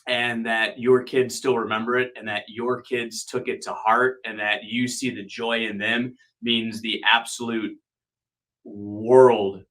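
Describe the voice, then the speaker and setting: Bright-voiced man, an earnest interview guest. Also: medium pitch, flat delivery, a little slow. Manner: earnest, appreciative. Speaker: guest, wrestling commentator. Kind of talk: casual interview.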